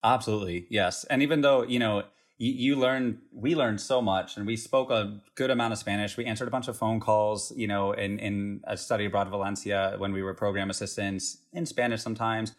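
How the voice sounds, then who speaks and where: Guest: young American man with a lowish voice, easygoing and rambling, lots of fillers. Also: a little fast, few pauses. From United States. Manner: relaxed, rambling with fillers and laughs. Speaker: interview guest. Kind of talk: casual conversational interview.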